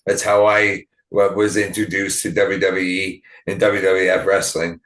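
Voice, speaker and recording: A man's voice: sits low, level tone, measured pace, a bit bright. A man hosting a podcast interview, giving brief reactions and laughing along with his guest. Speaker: podcast host. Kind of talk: casual interview. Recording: roomy echo.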